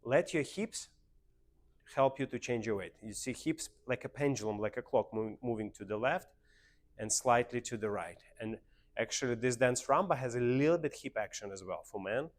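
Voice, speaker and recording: Guy w russian accent teaching dance class, counting steps out loud, middle voice. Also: mid-range voice, moderate pace. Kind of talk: dance lesson instruction.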